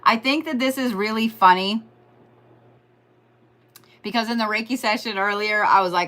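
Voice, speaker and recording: Bright-voiced woman giving a joking astrology reading. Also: on the high side, expressive, normal speed. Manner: rambling, joking, swearing, talks straight to listeners. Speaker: astrology and Reiki host.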